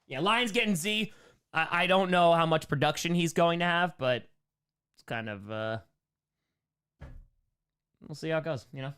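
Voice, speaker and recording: A young New York man hosts a casual live Q&A, reading out superchat donors and chatting in a loose, upbeat manner with quick thank-yous. His voice is fairly high, pushed and bright, with a clean tone.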